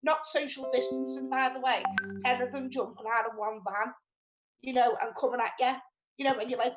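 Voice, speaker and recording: Excitable high-voiced woman, chatty. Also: brisk. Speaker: show co-host. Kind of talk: casual live-stream chat. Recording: dull lo-fi stream audio.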